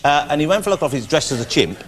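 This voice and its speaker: A man's voice: fairly high pitch, very animated, rapid-fire. A man on a comedy panel show, riffing with playful jokes. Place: TV studio with live audience. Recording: loud audience and room noise. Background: studio audience laughter.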